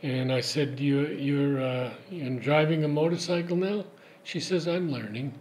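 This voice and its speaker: A man telling a small anecdote in gentle, casual conversation as interviewer. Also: a little high, unhurried, slight background noise.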